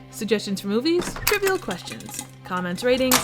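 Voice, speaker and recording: A woman's voice: high voice, big pitch swings, a little fast, over loud music. A woman hosting a movie review channel, reading a scripted review with wry, playful asides.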